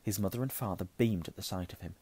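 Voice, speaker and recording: A hoarse man reading a novel aloud, hushing at tense moments and correcting himself. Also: deep voice, fast. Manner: self-correcting, softening to a hush at tense moments. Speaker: reader.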